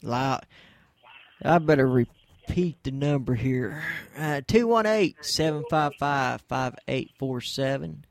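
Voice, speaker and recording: A man's voice: medium pitch, takes it slowly, gravelly. A man hosting a casual internet radio show, laid-back and joking as he takes calls. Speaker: host.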